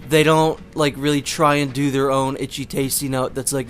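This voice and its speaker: A man's voice: mid-range voice, little pitch movement, moderate pace, few pauses, slight background noise. Rambling young man narrating gameplay. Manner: chatty, rambling with many fillers. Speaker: gameplay commentator. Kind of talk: casual let's play commentary.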